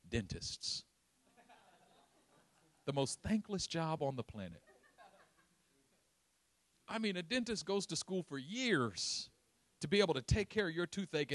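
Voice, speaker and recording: A pastor with a voice that's a little high preaches a humorous sermon, telling animated stories and laughing as he goes. There's no room sound.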